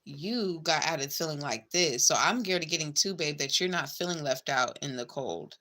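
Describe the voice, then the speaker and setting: A woman's voice: low voice, moderate pace, pushed and bright. A woman giving a casual tarot reading, chatty and blunt, swearing freely and calling the listener babe and girl. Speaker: tarot reader.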